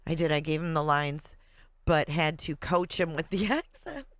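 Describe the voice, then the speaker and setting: Chatty host with a smooth, dry voice. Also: medium pitch, lively intonation, normal speed, a bit bright, no echo. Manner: chatty, laughs often, reads comments aloud. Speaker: livestream host. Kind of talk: casual livestream chat reading viewer comments.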